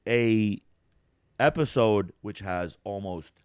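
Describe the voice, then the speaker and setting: A man's voice: on the low side, slow, clean tone, no room sound, clean studio sound. A man hosting a casual podcast chat, telling a story with lots of swearing and laughter. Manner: animated, profane, laughing storyteller. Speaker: podcast host.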